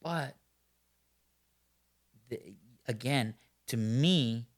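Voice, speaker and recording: Middle-aged american guy on a podcast, blunt and opinionated, rambles with lots of um and you know, mid-pitched voice. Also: drawn-out words. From United States. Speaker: podcast guest. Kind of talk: casual interview talk.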